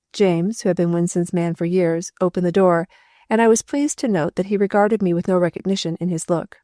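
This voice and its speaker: A woman narrating a first-person novel as an audiobook, in a steady, measured read on a close microphone. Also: on the low side, dry recording.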